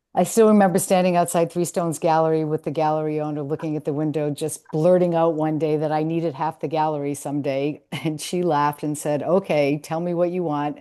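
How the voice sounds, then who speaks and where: Woman, low mellow voice, reflective, measured, prepared presentation. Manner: reflective, measured, partly read from notes. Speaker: artist presenting her project.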